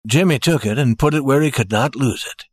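A man reading a story aloud in a steady, expressive narrating style. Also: medium pitch, brisk, slightly rough, dry recording, clean studio sound.

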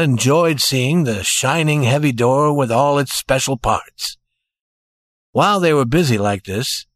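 A man narrating a story with a lively, rising and falling pitch. His reading is steady and expressive. The sound is dry and close, with no room in it. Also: dry recording.

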